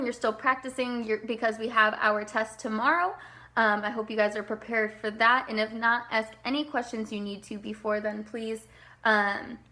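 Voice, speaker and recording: A woman's voice: a little high, pushed and bright. A young woman teacher giving a recorded lesson to children, explaining step by step and checking in often.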